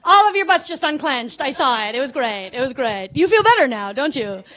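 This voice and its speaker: Casting: young Canadian woman comic, high bright voice, chatty and self-deprecating, live club set. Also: animated, fairly quick. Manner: chatty, self-mocking, keeps checking in with "right?". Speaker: stand-up comedian. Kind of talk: stand-up comedy set. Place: comedy club stage before a live audience.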